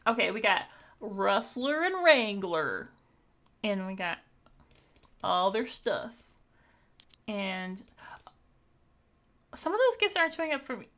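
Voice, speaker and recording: Bright, bubbly young woman streamer. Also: medium pitch, expressive, a little slow, pauses often. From Canada. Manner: bubbly and chatty, thanks viewers, laughs often. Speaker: live streamer. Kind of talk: casual live-stream chat over gameplay.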